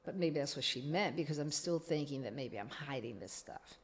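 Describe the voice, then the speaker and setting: A woman's voice: low-pitched, a little fast. A middle-aged woman, telling her own recovery story as a podcast guest, acting out the dialogue she quotes.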